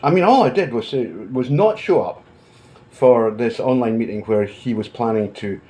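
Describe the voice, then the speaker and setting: A man speaks at a middle pitch in a blunt, combative way. He addresses the camera casually from indoors at home and swears freely. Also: dark tone, rough recording. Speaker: commentator.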